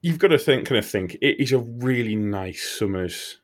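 A man's voice: mid-range voice, normal speed. A man telling a crude comic story in casual chat, swearing freely. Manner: animated, swearing, laughing storyteller.

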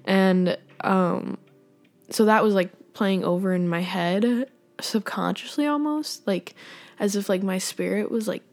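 A young woman talks off the cuff on her own podcast, rambling from thought to thought with lots of fillers. Her voice sits at an ordinary middle pitch, and she slips in small laughs as she goes. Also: a little slow. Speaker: podcast host. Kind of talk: casual faith podcast monologue.

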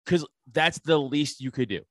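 A man, a podcast guest, telling a story in casual chat, animated and full of swearing. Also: fairly high pitch, moderate pace, dry recording, clean studio sound.

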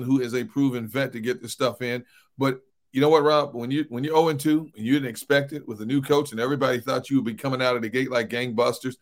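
Animated male sports talk co-host. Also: mid-range voice. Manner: animated, folksy, says "man" often. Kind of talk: casual sports radio chat.

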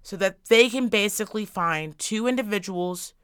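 Sweary, ranting woman with a bright voice. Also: mid-range voice, normal speed, clean tone, dry recording, clean studio sound. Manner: blunt, sweary, animated ranting. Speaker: podcast co-host. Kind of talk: casual profane chat.

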